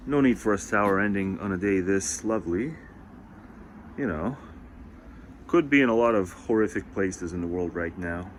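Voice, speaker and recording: A man's voice: lowish voice, expressive, moderate pace, slight background noise. A man vlogging in a casual, meandering way, full of filler words, talking while making dinner. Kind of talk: casual rambling monologue.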